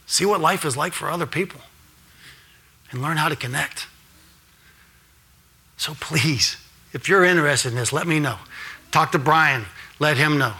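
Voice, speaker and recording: Bright-voiced man preaching a sermon. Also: unhurried, pauses often, breathy edge. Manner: earnest and direct, rising to emphatic high peaks; addresses the congregation with frequent "all right?" and "right?". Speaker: guest preacher. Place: church sanctuary.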